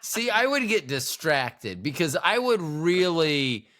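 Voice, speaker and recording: A man in middle age riffs playfully through a casual podcast chat. His voice is bright and a little high, swinging widely in pitch as he rambles from one joke to the next. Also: big pitch swings, takes it slowly. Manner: rambling, playful, jokey asides. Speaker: podcast co-host.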